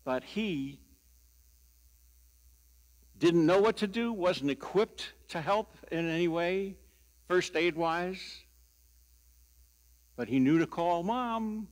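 With a high-pitched, animated voice, an older man delivers a sermon as pastor. His storytelling is slow and deliberate, laced with a wry sense of humor.

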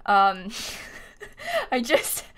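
A woman's voice: on the high side, huge pitch swings, extremely slow, fairly bright tone. A woman live-streaming a life-sim game, chatting casually, thinking aloud as she builds and thanking viewers by name with frequent giggles.

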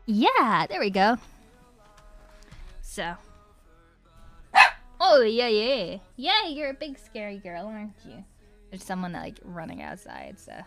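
This Irish woman, a voice actress, is chatty and giggly on a home livestream, thinking aloud while she signs autographs to faint music. Her medium-pitched voice swoops wildly, moving slowly with long pauses, a bit bright and recorded dry.

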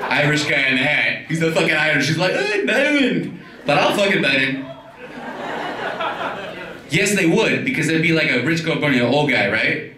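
A young man doing a crude stand-up comedy set in a club, laughing through his own jokes. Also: mid-range voice. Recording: echoey club, distant mic, noisy.

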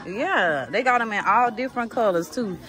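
A woman's voice: medium pitch, animated, moderate pace, crowd noise. A woman, chatting casually to her viewers while filming herself shopping in a store. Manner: chatty, addresses viewers as y'all. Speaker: vlogger. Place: discount clothing store.

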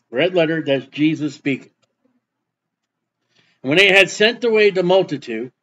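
On dull-sounding audio, a male preacher with a slightly high voice delivers a sermon, reading scripture aloud and unpacking each passage in simple, conversational remarks.

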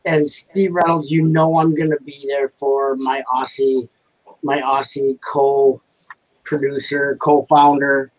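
A man's voice: mid-range voice, level tone, takes it slowly. A man hosting a casual livestream chat, joking around and laughing often. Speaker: livestream host. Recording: slightly dull lo-fi sound, faint noise.

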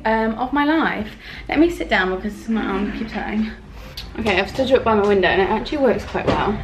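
A woman's voice: a little high, distant mic, background noise. A young woman chats in a casual vlog, talking emotionally and rambling with many fillers. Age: young adult. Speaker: vlogger.

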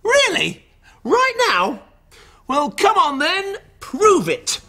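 A man presenting a children's puppet show, lively and playfully exasperated, often laughing as he scolds the puppets. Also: very high voice, slow. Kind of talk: lively scripted banter with puppets.

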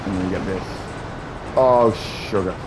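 A young man giving casual, excitable gameplay commentary, swearing and trash-talking other players. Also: sits low, normal speed, noisy background. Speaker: gaming YouTuber.

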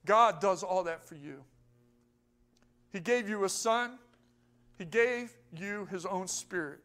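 A man preaching a sermon as pastor, rising into emphatic bursts and dropping low, with rhetorical questions to the congregation. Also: expressive, unhurried, long pauses, a bit bright.

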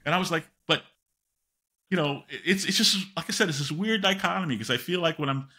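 Older male guest, animated anecdote-teller, bright tone, lots of fillers. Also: on the high side, a little fast. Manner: animated, rambling anecdotes with many fillers and self-interruptions. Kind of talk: storytelling in a podcast interview.

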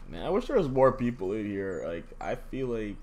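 A young man streaming a game live, chatting casually and breaking into loud, swearing, exasperated outbursts. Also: lowish voice, big pitch swings, moderate pace, a little hiss or hum. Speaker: gaming livestreamer. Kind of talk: live gameplay commentary.

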